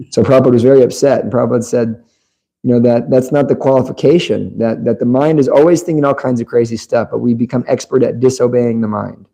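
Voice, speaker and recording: Male devotee commenting, very dark mellow voice, animated storyteller. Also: medium pitch, quick pace, rough recording. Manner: animated, tells stories with quoted dialogue. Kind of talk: anecdotal storytelling.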